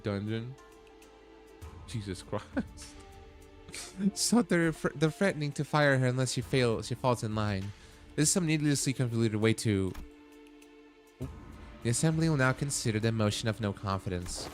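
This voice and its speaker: A man's voice: medium pitch, lively intonation, moderate pace, pauses often. A man streaming a game, reading its dialogue aloud and breaking off into blunt, swearing reactions. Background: faint game music.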